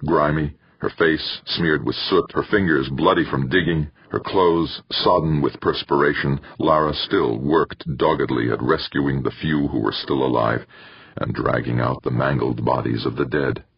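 A man narrating an audiobook in a steady, somber way. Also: rumbling low, moderate pace, gravelly, slightly rough, dry recording. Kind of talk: scripted narration. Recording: muffled dry recording.

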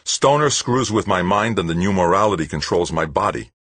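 Man voicing a sour resentful guy, grumbling, muttering, very deep, husky. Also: animated, fairly quick, fairly bright tone, no echo. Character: resentful frustrated male worker.

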